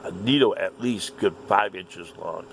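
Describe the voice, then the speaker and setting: A man's voice: sits low, measured pace, gravelly, fairly bright tone, slight background noise. A man talking to the camera, ranting about his doctors in an indignant, profane, repetitive way. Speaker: vlogger.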